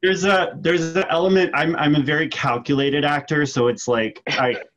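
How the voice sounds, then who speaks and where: A man acting student reflecting on his own work, halting and thoughtful. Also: on the high side, fairly even intonation, fairly bright tone, muffled recording. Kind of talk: reflective class discussion.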